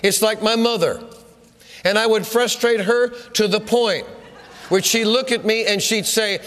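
A man preaching a sermon in an emphatic, repetitive way that builds to shouting. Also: high voice, fairly even intonation, a little slow. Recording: hall reverb.

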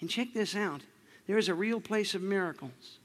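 A man's voice: high voice, normal speed. A man preaching a sermon in a playful, joking way, laughing often and calling on the congregation to repeat after him. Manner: emphatic call-and-response delivery.

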